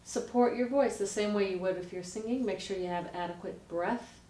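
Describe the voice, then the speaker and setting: A woman, a vocal coach, explaining how to speak healthily in a lively, direct teaching manner. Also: mid-range voice, normal speed. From United States. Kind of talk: instructional explanation with voice demonstrations. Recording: roomy, distant mic, faint noise.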